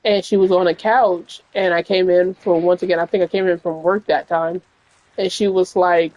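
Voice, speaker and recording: Over gameplay at home, a woman streamer spins a long, rambling story, speaking frankly and using lots of "like" and "you know." Her voice is fairly low with fairly even intonation at normal speed, and the sound is lo-fi.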